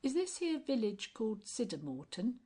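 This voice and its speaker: A woman's voice: fairly high pitch, sing-song, normal speed, warm tone, breathy edge, pitched above the performer's own voice. A woman voicing a shabby, cheeky male tramp in an audiobook, slangy and familiar. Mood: cheeky banter.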